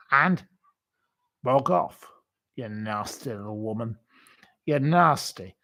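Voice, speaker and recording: Slow gravelly man ranting. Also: mid-range voice. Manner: blunt, insulting, repetitive ranting. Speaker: livestream host reading viewer comments. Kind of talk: casual live-chat rant.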